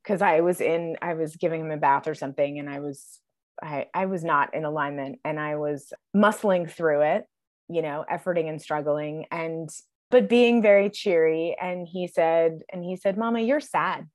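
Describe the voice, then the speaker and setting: A woman in her forties, a guest on a podcast, talking reflectively and softly with frequent pauses. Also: low-pitched, steady tone. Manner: reflective, soft-spoken, many fillers. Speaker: guest, TV writer and producer. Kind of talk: casual conversation.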